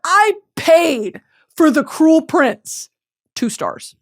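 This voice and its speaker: A young adult woman hosting a podcast, talking in a casual comedic monologue, profane and ranting, swinging from quiet reflection to shouting. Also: sits high, sing-song, very slow. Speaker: podcast host.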